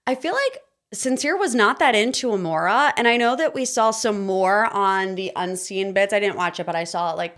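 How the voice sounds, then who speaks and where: A young woman hosting a podcast, giving an opinionated, sarcastic recap of a reality dating show in a casual, animated way. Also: medium pitch. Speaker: podcast host.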